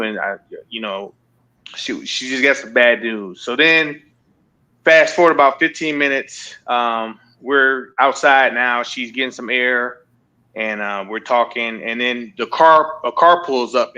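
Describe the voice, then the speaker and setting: A man with a bright, forceful voice telling road stories on a podcast. He talks in a loose, conversational way and slips into the voices of people he met. The delivery is animated and chatty. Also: medium pitch, unhurried, low-quality recording. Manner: animated storyteller who acts out what others said. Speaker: long-distance motorcycle rider, podcast guest. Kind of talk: casual podcast storytelling.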